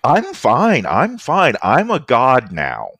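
A man's voice: mid-range voice, wildly swooping pitch, slow pace, fairly bright tone, no echo, studio quality, full character voice. A man voicing an arrogant, drugged-up alien man who believes he has become a god. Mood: boastful. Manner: petulant, boastful.

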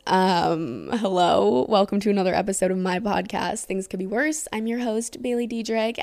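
A young woman hosts a podcast late at night, sleep-deprived and rambling through a casual story time. Her voice sits at an ordinary middle pitch, and the recording is close and dry with no room sound. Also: dry recording. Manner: rambling, chatty, heavy use of "like". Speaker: podcast host.

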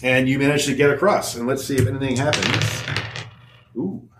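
A man's voice: mid-range voice, moderate pace, noisy background. A man running a tabletop game as game master, narrating loosely with frequent restarts. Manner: loose and rambling, with many restarts. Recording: roomy table recording.

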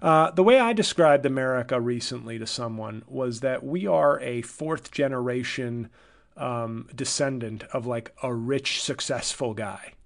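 A man hosts a comedy podcast on his own, rambling through updates in a dry, sardonic and self-deprecating way. His voice sits at a mid pitch. He swears casually and drifts from thought to thought. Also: a little slow, creaky. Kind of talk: solo casual monologue.

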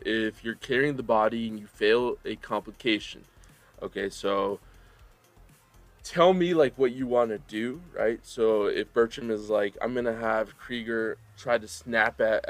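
A man's voice: on the low side, fairly even intonation, moderate pace, faint music behind. A young man acting as game master, casually explaining rules with fillers and laughs. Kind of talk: running a tabletop game.

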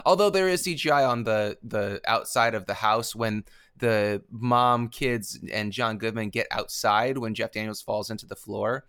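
A man co-hosting a podcast in casual chat, quick and opinionated and swearing freely. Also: on the low side, fairly bright tone, smooth. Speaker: podcast co-host.

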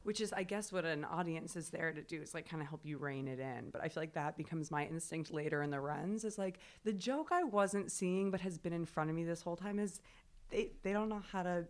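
A woman playwright talks about her play in a loose, animated way. She laughs often and restarts her sentences. Her voice sits a little low for a woman. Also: a little fast. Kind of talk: casual conversation about rehearsals.

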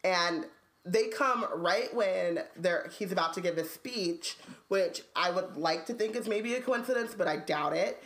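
A woman co-hosting a casual podcast, reading a book aloud and stopping for quick asides. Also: on the low side, fairly bright tone. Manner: reads slowly, then chats with quick asides. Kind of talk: casual book-club chat with read-aloud passages.

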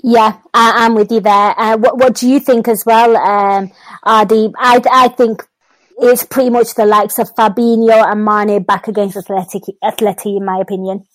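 A woman's voice: a little high, fairly even intonation, normal speed, no room sound, rough recording. A woman hosting a football call-in podcast, chatting casually, laughing easily and swearing. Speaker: podcast host.

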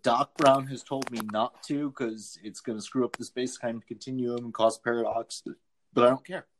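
A man co-hosting a podcast in casual chat, animated and jokey, laughing often. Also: mid-range voice, normal speed, noisy background. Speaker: podcast co-host.

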